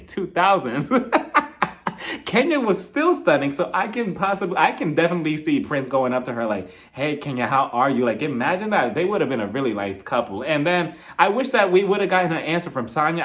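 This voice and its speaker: A man's voice: fairly high pitch, fairly bright tone. Chatty man recapping reality TV. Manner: chatty, laughs often, acts out quotes. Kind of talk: casual solo commentary.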